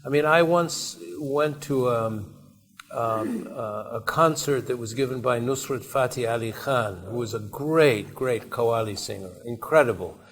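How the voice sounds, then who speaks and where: An invited speaker gives a conversational talk in a university seminar room, rambling through anecdotes with frequent restarts and asides. His voice is mid-range and a little slow.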